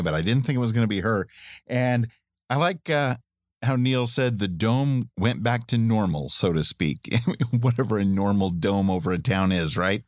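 A man's voice: fairly low pitch, no room sound, clean studio sound. A middle-aged man co-hosting a podcast in casual chat, rambling and chatty, laughing often. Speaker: podcast co-host.

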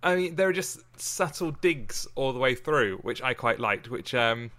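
English male host, Oxfordshire accent, bright tone, jokey and chatty, under the weather. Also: mid-range voice, lively intonation, normal speed. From England. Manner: jokey, laughs often, restarts sentences. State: ill. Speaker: podcast host. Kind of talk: casual podcast chat and sonnet reading.

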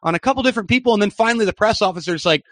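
A young man recounting a story with excitement as a guest on a soccer podcast. His voice sits a little higher than most men's. The sound is close and dry, with no room echo. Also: very fast. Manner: animated, excited anecdote-telling.

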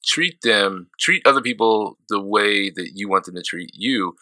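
A man's voice: lowish voice, a little slow, bright, forceful tone, dry recording. A man with a St. Louis accent co-hosting a podcast in casual chat, giving emphatic, motivational advice and swearing freely. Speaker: podcast co-host.

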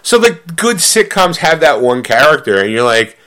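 A man's voice: fairly high pitch, sing-song, moderate pace, fairly bright tone. A man co-hosting a podcast, chatting casually, rambling with many fillers and breaking into laughter often. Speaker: podcast co-host. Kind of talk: casual chat.

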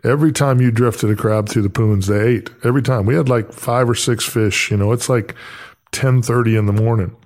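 A man's voice: medium pitch, steady tone, a little fast, darkish tone. A man hosting a podcast, telling casual stories and often laughing as he talks. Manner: chatty storyteller, laughs while telling anecdotes. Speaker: podcast host. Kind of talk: casual interview chat.

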